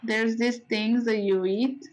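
Young woman drawing and giggling, kinda high voice, takes her time. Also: steady tone, takes it slowly, rough recording. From outside the United States. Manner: laughing, teasing. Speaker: drawing player. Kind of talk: casual game chat.

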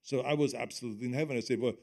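An older man with a German accent, a guest telling stories on stage in conversation, animated and often laughing as he quotes others. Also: mid-range voice, racing, gravelly.

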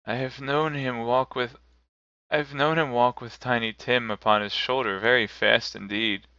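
A soft-spoken grieving mother, put on by a male reader, speaks slowly and tenderly. The voice is crisp and bright, and the recording is dry and a little lo-fi. It is a live storybook reading. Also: mid-range voice, no room sound, voice pushed up. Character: grieving mother, gentle and steady. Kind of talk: live reading of a classic novel.

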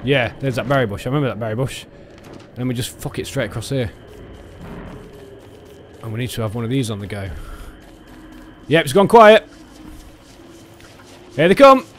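A man commentating on a video game he is playing, excitable and sweary, often yelling at the game. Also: medium pitch, quick pace, pauses often, slight background noise. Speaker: let's play gamer. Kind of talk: gameplay commentary.

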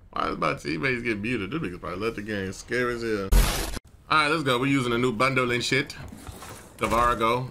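A man giving profane, excitable commentary over his own gameplay, often breaking into yells. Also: medium pitch, normal speed, pauses often. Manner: profane, excitable, swings to yelling. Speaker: gaming streamer. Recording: game gunfire noise behind.

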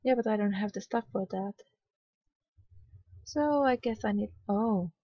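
A woman's voice: medium pitch, measured pace, breathy edge, dry recording, highs cut off. A woman casually talking through a hidden-object game, sleepy and yawning, muttering with mild exasperation. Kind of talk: casual let's-play commentary.

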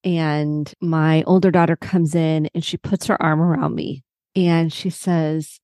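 A woman's voice: deep voice, steady tone, normal speed, dark tone, dry recording, clean studio sound. A middle-aged woman therapist hosting a solo podcast, talking in a reflective, personal and open way.

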